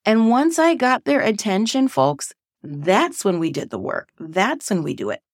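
A woman, a former teacher, hosting a casual reflective podcast monologue in a playful, animated way. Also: mid-range voice, unhurried, dry recording, studio quality. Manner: playful and animated, acting out voices.

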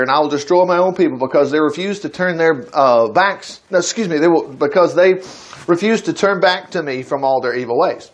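A man teaching from the Bible in a casual, conversational way, reading passages aloud and acting out the characters' lines with chuckles and asides. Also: sits high. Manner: animated, reads scripture aloud and acts out the characters' lines; chuckles and breaks off to comment mid-reading.

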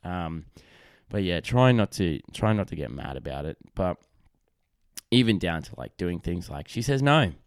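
A young adult man hosts a relaxed solo podcast, his voice sitting low in pitch. He rambles through stories with plenty of "um"s, "you know"s and restarts. The sound is dry and close, with no room echo. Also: unhurried. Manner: rambling, chatty, lots of fillers and restarts. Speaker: podcast host. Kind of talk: casual solo podcast storytelling.

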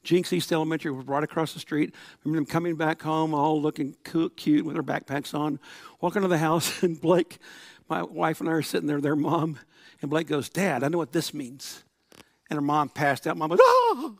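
A man's voice: a little high, level tone, fairly quick, gravelly, dry recording. A middle-aged man preaching a sermon to his congregation in a church, telling stories and acting out quotes. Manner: storytelling with laughs and acted-out quotes. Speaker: pastor.

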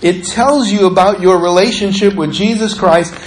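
A pastor preaching a sermon, asking the congregation questions and often dropping his voice low and slow. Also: low-quality recording. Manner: preachy, asks the listeners questions, often drops soft and slow.

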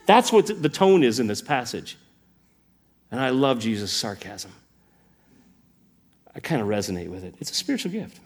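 A man's voice: mid-range voice, moderate pace, long pauses. A man preaching a sermon, asking the congregation question after question. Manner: animated, asks the congregation questions.

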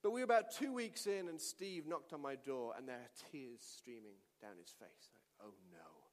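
High-voiced preacher in a reverberant hall. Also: male voice, moderate pace. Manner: animated storytelling, shouting at climaxes. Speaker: pastor. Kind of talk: sermon.

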